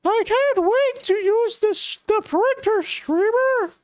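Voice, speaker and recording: A man putting on a high, whiny voice to mock a nerdy young male viewer. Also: slow pace, dry recording. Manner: squeaky mocking delivery.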